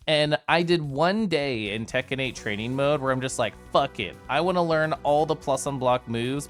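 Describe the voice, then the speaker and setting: Recapping VR chat meetups, a male streamer talks casually with his viewers, giggling and bubbly, wandering into plenty of asides. He is tipsy from whiskey consumed earlier, and his voice is medium-pitched and fairly bright.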